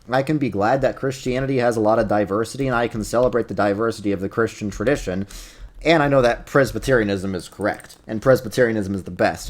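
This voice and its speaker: A young man with a New York accent, hosting a casual video with rambling, self-deprecating commentary. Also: mid-range voice. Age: young adult. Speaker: YouTuber host. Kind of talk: casual commentary over gameplay.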